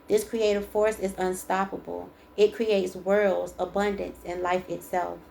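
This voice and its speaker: Gravelly-voiced woman doing a tarot reading. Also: lowish voice, level tone, measured pace, mellow, a little hiss or hum. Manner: chatty, emphatic, encouraging, reads aloud and repeats. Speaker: tarot reader. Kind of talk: casual spiritual card reading.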